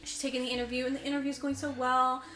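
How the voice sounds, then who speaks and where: A woman retells a movie scene by scene in loose, chatty podcast talk, slipping into the characters' lines as she goes. Her voice is bright and sits fairly high. The room is echoey, with faint music playing underneath. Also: fast talker. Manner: animated storyteller, acts out quotes, says "like" a lot. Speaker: podcast co-host. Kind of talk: casual chat recapping a movie.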